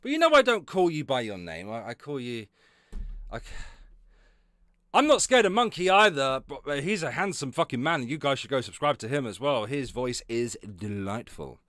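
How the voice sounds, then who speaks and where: A man's voice: medium pitch, very animated, normal speed, fairly bright tone, no room sound, clean studio sound. A man streaming live, giving sarcastic, heavily profane commentary, often breaking into laughter. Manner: sarcastic, swears constantly, often laughs and trails off.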